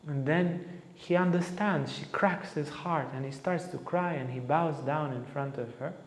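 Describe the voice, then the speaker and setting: A man's voice: fairly high pitch, measured pace. A man teaching as a spiritual teacher, telling a story with animation and acting out the lines of the people in it. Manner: animated storyteller who acts out quotes. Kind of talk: storytelling talk. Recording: echoey hall reverb.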